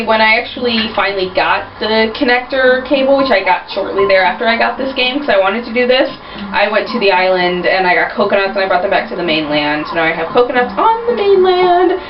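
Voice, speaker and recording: A young woman chatting casually and rambling as she narrates a video game. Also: mid-range voice. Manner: chatty, rambling, self-deprecating. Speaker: gameplay narrator. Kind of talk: casual gameplay commentary. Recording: roomy, distant, dull, with game music.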